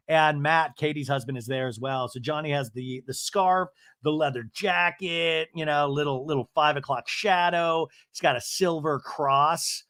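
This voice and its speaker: A man's voice: fairly high pitch, moderate pace, hardly any pauses, fairly bright tone, no echo, clean studio sound. A man hosting a podcast, giving a casual, rambling TV recap full of crude jokes. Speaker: podcast host.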